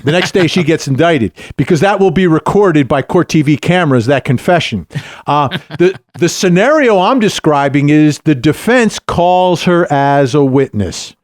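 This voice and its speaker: Animated man giving legal analysis. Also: on the high side, normal speed, no room sound, clean studio sound. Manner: animated, emphatic, uses rhetorical "right?". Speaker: legal commentator, former prosecutor. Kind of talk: podcast guest analysis.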